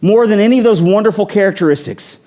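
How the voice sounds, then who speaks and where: A man preaching a sermon, telling a story in an animated way and acting out the quotes with rising intensity. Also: high voice, fast. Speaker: pastor.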